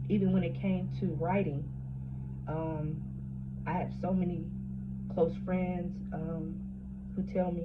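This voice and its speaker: Late 30s woman, blunt and sweary, kinda low voice, muffled audio with a hum behind. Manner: frank, profane, repeats and restarts phrases. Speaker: vlogger. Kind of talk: candid personal talk about trauma. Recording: dull lo-fi audio with steady hum.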